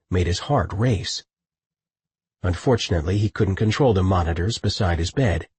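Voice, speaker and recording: Husky male audiobook narrator. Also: sits low, dry recording. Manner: steady, measured storytelling. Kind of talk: scripted narration.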